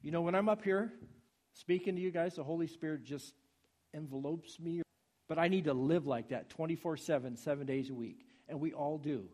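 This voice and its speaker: A man preaching a sermon in a husky voice, swinging from soft pleading to loud urging. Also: a little high, moderate pace.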